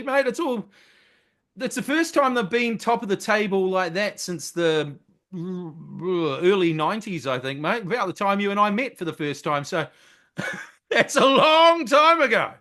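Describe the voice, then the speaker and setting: A middle-aged man, co-hosting a casual sports podcast, talking excitably and swearing freely. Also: on the high side. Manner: excitable, loud, swears freely, mimics people. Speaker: podcast co-host.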